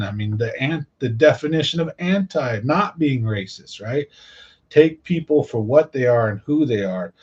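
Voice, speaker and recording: A man's voice: medium pitch, darkish tone, slightly rough. Middle-aged male host, rambling casual monologue, muffled lo-fi recording. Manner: rambling, filler-heavy, repeats "right?".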